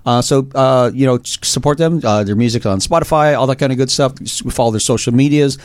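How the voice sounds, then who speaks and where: A man with a middle-pitched voice hosts a casual podcast. He talks haltingly, stumbling over his words and filling gaps with uh. The recording is dry and close. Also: dry recording. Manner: hesitant, lots of uh and restarts. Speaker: podcast host.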